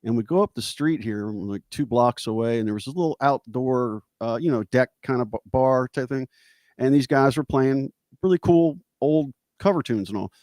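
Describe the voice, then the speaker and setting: A man who is a guest guitarist, telling casual stories in an animated way, laughing often, over a video call. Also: mid-range voice, normal speed, no room sound, clean studio sound. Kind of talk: casual storytelling chat.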